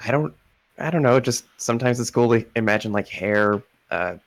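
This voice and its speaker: A man with a gravelly, mid-pitched voice chats casually at a tabletop game, hesitant and trailing off. The sound is dry and close. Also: animated, normal speed, no room sound. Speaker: player.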